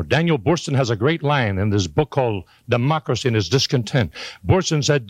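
A man's voice: medium pitch, no echo, poor audio. Folksy older man preaching motivation. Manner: folksy, joking, emphatic preaching delivery. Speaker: motivational speaker. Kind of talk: motivational speech to a live audience.

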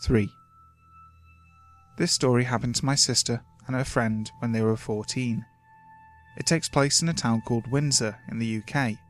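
A man reading first-person scary stories from the woods as scripted horror narration, steady and measured. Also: mid-range voice. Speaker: creepypasta narrator. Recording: faint music underneath.

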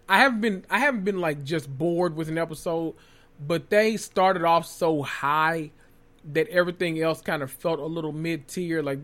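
Sassy, animated man recapping a reality show. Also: a little high. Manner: sassy, animated, cusses freely, swings from murmurs to loud exclamations. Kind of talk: casual recap monologue.

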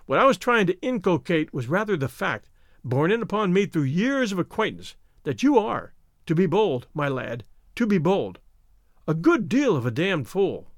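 A man's voice: high voice, sing-song, normal speed, no room sound, clean studio sound. A man voicing a mocking, easygoing Irish young man in a storybook reading, teasing and patronizing.

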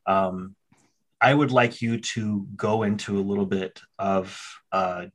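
A man's voice: fairly low pitch, steady tone, slow pace. A man hosting a podcast interview, speaking candidly and self-reflectively, with frequent hesitations.

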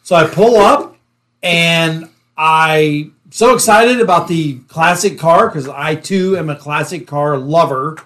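A man's voice: on the high side, slow, a bit bright. A middle-aged man, a former police officer, telling stories casually and animatedly, often laughing. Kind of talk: casual storytelling.

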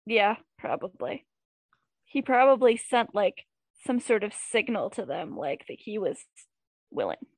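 A woman's voice: medium pitch, sing-song, a little slow, dry recording. A woman co-hosting a casual podcast, giggly and playful, joking along. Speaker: podcast co-host. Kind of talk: casual chat.

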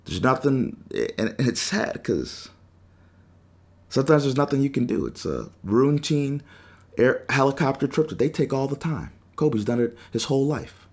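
Animated young man hosting sports talk. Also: medium pitch, normal speed. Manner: animated storytelling, acts out quotes. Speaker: sports talk show host. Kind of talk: emotional sports talk monologue.

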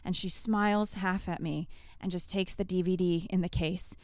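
A woman in her thirties on a podcast, telling an animated story casually and saying "like" often. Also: on the low side, normal speed, no echo, studio quality. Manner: animated storytelling, heavy use of "like". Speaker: podcast co-host. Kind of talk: casual chat.

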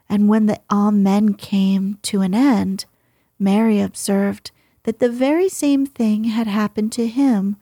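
A woman reading a novel aloud in whispered storytelling, soft and gentle, close to the mic. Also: mid-range voice, dry recording.

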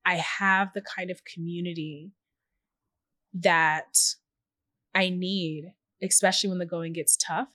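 Here a journalist and founder, a woman with a fairly low voice, talks as a guest on a podcast, with no room sound in the recording. The conversation is a reflective interview, and she comes across as an earnest, warm-hearted storyteller. As she shares her stories, she performs short quoted messages.

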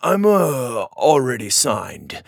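A man voicing a big, slow-talking muscular young man, with a creaky, husky voice. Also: medium pitch, big pitch swings, no room sound, clean studio sound, heavily acted. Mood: dopey. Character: big buff young male wrestler.

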